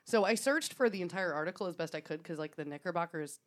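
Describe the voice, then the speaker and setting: A woman's voice: fairly low pitch, lively intonation, fast talker. A woman co-hosting a podcast, telling a story in a casual, chatty way, with frequent laughs, swearing and fillers. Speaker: podcast co-host.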